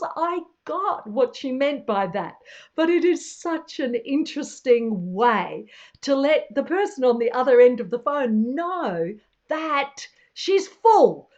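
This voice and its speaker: A woman in her sixties, a travel vlogger chatting to camera in a chatty, animated way and laughing often. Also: a little high, muffled recording. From Australia. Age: 60s. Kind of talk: casual chat to camera.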